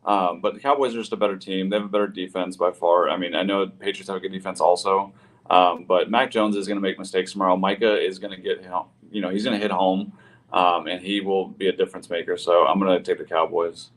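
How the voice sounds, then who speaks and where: A man co-hosting a casual sports talk stream, laid-back and quick to laugh. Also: sits low, level tone.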